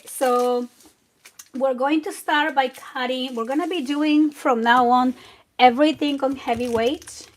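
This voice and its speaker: A woman hosts a live crafting tutorial, chatting to viewers as she works. Her voice sits a little high and she talks slowly and easily. Steady background noise runs under the recording. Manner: chatty and relaxed, talks while working. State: a bit out of breath. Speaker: craft channel host.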